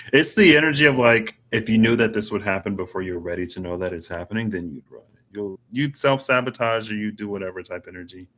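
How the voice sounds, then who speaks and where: A man's voice: fairly low pitch, brisk, pushed and bright. A man doing a casual self tarot reading, musing and rambling with lots of "like". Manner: musing, rambling, chatty with filler "like". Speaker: tarot reader.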